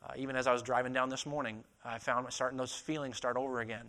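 A man in his twenties preaching a sermon, moving from quiet reflection to loud, impassioned passages and acting out biblical dialogue in his own voice. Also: medium pitch, level tone, quick pace. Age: 20s.

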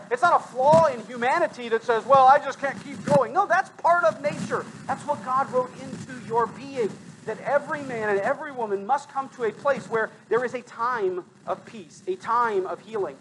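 A pastor preaching to his congregation in church, conversational with asides to listeners, swinging between loud emphatic bursts and quiet low stretches. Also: noisy background. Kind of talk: sermon. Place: church sanctuary.

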